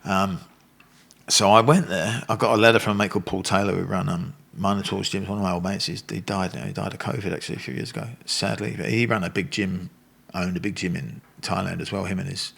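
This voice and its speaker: Fast-talking, bright-voiced storyteller man. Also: low-pitched, creaky. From England. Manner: animated storyteller, swears freely, acts out voices. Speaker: guest, Muay Thai fighter and coach. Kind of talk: casual storytelling interview.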